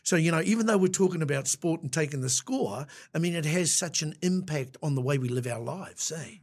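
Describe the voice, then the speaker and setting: A middle-aged man with a New Zealand accent co-hosts a casual podcast chat. His voice is a little husky and sits somewhat high. He tells stories reflectively, often restarting and ending with "eh". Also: animated, brisk. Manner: reflective storyteller, many restarts, eh tags. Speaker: podcast co-host.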